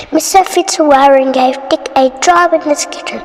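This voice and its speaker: A woman with an Indonesian accent reading a bedtime story aloud in a soft, often whispery voice. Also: sits high, moderate pace, few pauses. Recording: reverberant room, faint noise.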